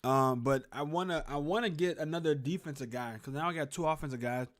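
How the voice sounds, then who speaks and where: A young man hosts a laid-back sports stream from his room. His voice sits a bit on the high side, and he rambles and chats with viewers while calling plays through a desk mic. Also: a little fast. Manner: rambling, chatty, talks to viewers in chat. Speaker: sports show host. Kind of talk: casual live game reaction stream. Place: at home in a room with a closet.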